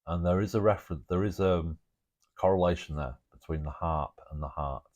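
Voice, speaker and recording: A man's voice: low voice, fairly quick, a little mellow. A man talking through his speculative ideas in a rambling monologue, thinking aloud with jokey asides and chuckles. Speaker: alternative history presenter.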